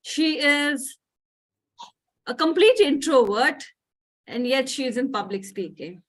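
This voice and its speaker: A woman's voice: sits high, expressive, slow. A woman hosting a student performance event, effusive and heaping praise on performers. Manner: effusive, piles on praise words. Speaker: event host. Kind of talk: introducing performers.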